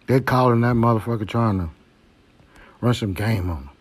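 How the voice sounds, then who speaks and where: A man's voice: mid-range voice, normal speed. Blunt, profane male podcast host. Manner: blunt, preachy, heavy cursing, repeats "you know". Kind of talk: profane monologue.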